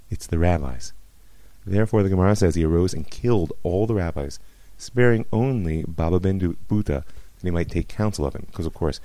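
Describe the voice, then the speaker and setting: A man's voice: deep voice, mellow, no echo, poor audio. A man teaching Jewish history as a rabbi, telling it as a story with wry asides, on a close mic. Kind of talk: recorded history lecture.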